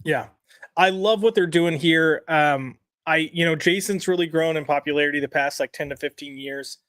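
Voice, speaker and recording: A man's voice: fairly high pitch, moderate pace, a bit bright, clear, resonant tone, no room sound, studio quality. A man co-hosting a weekly comics podcast in casual chat, reading lines aloud and checking the live chat.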